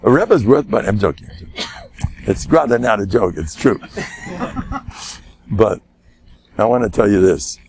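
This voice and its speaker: An older man, a rabbi, giving an informal, animated Torah lecture, joking and asking his listeners rhetorical questions. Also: on the low side, normal speed, long pauses. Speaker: rabbi teaching a class.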